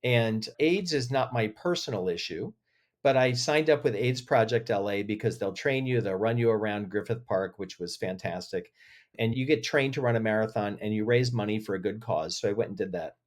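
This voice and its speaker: Man, podcast guest, emotional storyteller, animated delivery. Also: fairly low pitch, moderate pace. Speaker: podcast guest, agency head. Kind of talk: interview conversation.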